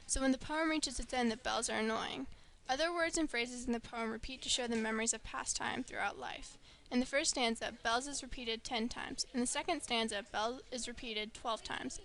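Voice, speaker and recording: A woman and student presenter reading a prepared literary analysis aloud with steady delivery. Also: a little high.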